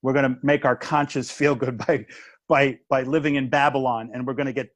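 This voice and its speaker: A man in his fifties, a comedian turned minister, telling a story in a casual chat with quick restarts and acted-out dialogue. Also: mid-range voice, fairly even intonation, no echo.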